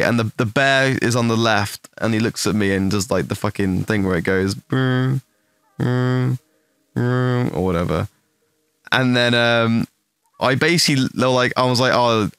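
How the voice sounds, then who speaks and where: A man's voice: lowish voice, no echo. A young man casually telling a rambling, profane story to his stream, acting out the lines of the people in it. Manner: profane, animated anecdote with acted-out quotes.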